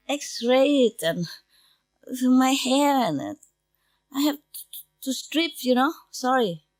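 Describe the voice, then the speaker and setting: A woman's voice: high voice, a little mellow, no echo, poor audio. A woman spiritual teacher giving an informal, chatty talk to her disciples in broken English grammar, laughing often.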